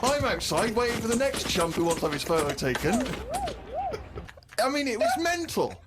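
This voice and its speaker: A man's voice: very high voice, big pitch swings, normal speed, very noisy. A man telling a self-mocking comic story, acting out other people's lines and laughing at himself. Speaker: co-host of a comedy podcast.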